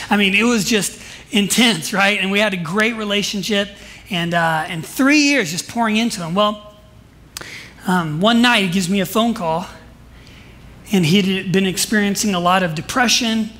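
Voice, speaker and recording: High-voiced, emphatic male preacher. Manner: emphatic storytelling, swings between soft asides and loud declarations. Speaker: pastor. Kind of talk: sermon. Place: church service.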